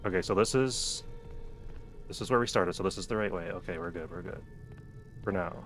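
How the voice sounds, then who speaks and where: Deep-voiced dude streaming a game, jokey and chatty, bit of music behind. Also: male voice, a little fast, a bit bright. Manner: chatty, joking, talks to game characters. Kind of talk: casual gameplay commentary.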